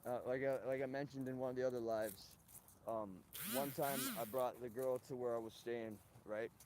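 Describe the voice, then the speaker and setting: A man's voice: mid-range voice, steady tone, moderate pace, darkish tone. Man, livestream host, ranting, profane, rambling, outdoors, faint background noise. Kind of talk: rambling live-stream monologue.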